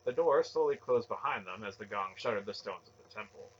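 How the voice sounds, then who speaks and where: A man reading a fantasy novel aloud with steady, dramatic narration. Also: lowish voice, a little fast, breathy edge, highs cut off. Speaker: audiobook reader.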